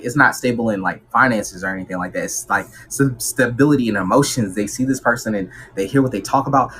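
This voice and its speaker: A man talks through a tarot reading in a loose, slangy way, acting out what people might say. His voice sits at a middle pitch but moves a great deal. There is a faint hiss of noise behind him. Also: rough recording. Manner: slangy and animated, acts out quotes. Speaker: tarot reader. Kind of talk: casual tarot reading monologue.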